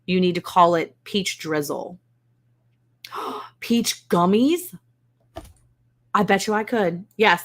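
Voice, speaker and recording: A woman chats casually on a live stream from her home, wry and self-mocking. Her voice sits low with a gravelly fry, and she talks in loose, rambling asides. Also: fairly quick. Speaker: host of a live ranch stream. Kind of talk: casual live-stream chat reading comments. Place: indoors at home.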